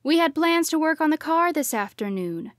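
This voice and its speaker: A woman's voice: high-pitched, very animated, normal speed, no echo, clean studio sound, pitched above the performer's own voice. A woman voicing a concerned middle-aged father who speaks steadily and reassuringly.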